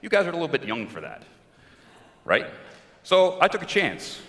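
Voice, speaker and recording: A man's voice: a little high, wildly swooping pitch, moderate pace, fairly bright tone. A man talking casually and energetically with fans from a convention stage, chatty and self-deprecating. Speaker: convention guest, video creator. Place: large convention hall. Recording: echoey hall with crowd.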